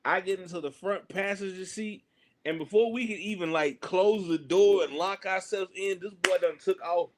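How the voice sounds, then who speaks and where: Southern US male guest, slightly high voice, animated slangy storyteller. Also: normal speed. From Southern United States. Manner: lively, acts out other people's lines, heavy slang. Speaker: guest wrestler.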